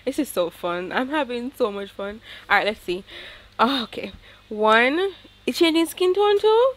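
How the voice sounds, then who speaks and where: A woman giving chatty, excitable commentary to her viewers as she plays a life-sim game, a gaming YouTuber talking casually to her audience. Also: fairly high pitch, measured pace.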